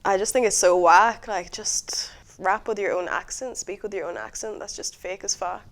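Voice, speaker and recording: A woman's voice: mid-range voice, steady tone, normal speed. A woman in a casual interview, speaking frankly and scornfully with slang.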